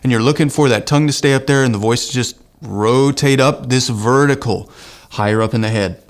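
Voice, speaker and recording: A man in his thirties teaches singing online, in an earnest and encouraging tone with a light lilt. His speaking voice sits at an ordinary middle pitch. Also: fairly quick, over music. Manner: earnest, encouraging, breaks into sung exercise demos. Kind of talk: online vocal lesson with sung demonstrations.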